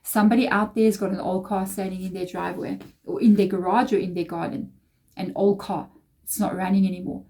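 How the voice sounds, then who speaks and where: A woman with a mellow, warm tone talks through a tarot reading in a loose, rambling way. She confides in her viewers and drifts into emotional personal asides. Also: medium pitch, fairly even intonation, fairly quick. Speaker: tarot reader. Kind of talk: casual tarot reading monologue.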